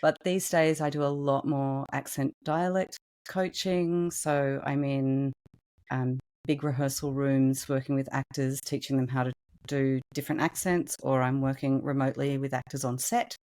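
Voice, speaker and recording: A woman's voice: extremely low pitch, steady tone, moderate pace, a little mellow. A middle-aged woman, a voice and dialect coach, chatting candidly with a ready laugh. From Australia. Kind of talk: casual interview chat.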